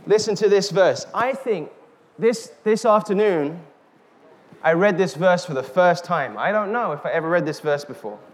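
A man preaching a sermon, slow and emphatic, calling out questions to the congregation. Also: high-pitched, expressive. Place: church hall. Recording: reverberant hall with faint noise.

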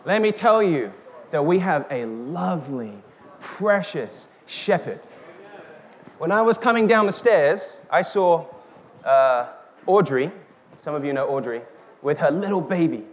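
A man preaching a sermon, slow and emphatic, calling out questions to the congregation. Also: fairly high pitch, expressive. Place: church hall. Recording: reverberant hall with faint noise.

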